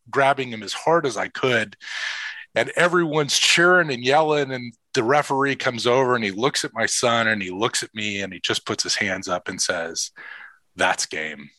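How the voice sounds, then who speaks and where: A man's voice: medium pitch, normal speed, no room sound. A middle-aged man telling an emotional personal story as a father and coach, earnest and heartfelt, acting out what others said. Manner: earnest, emotional, quotes others in lively voices. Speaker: father and assistant football coach.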